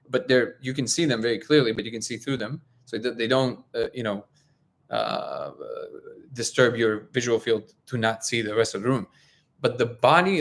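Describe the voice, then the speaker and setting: Man, gravelly voice, halting casual live-stream talk, lots of restarts. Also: mid-range voice. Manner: halting, many restarts and fillers. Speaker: host of a live discussion stream.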